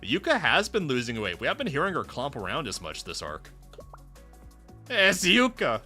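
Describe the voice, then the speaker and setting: Talking fast in a mid-range voice, a male VTuber plays through a game on stream and reads its dialogue out loud. He keeps things playful, animated and full of jokes, while faint background music runs underneath.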